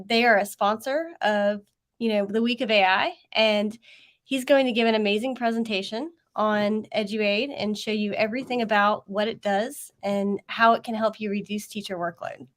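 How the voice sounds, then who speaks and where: A woman hosts an online education event and introduces the next presenter. Her voice is mid-pitched and her delivery cheerful and direct. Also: fairly bright tone. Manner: upbeat, introducing the guest. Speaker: webinar host. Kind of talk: live webinar introduction.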